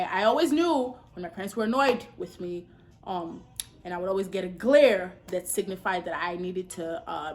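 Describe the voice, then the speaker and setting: A woman in her twenties, a beauty vlogger, does her makeup at home while telling a dating story. She's sassy and animated, breaking into loud, high-pitched outbursts.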